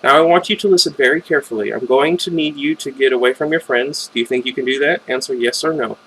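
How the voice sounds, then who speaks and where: Storybook villain: man reading as a smooth, pleasant-voiced woman on the phone, friendly on top and threatening underneath. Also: mid-range voice, fast, fairly bright tone, low-quality recording. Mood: calmly menacing. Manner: light, friendly, coolly threatening. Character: calm, menacing woman caller on phone.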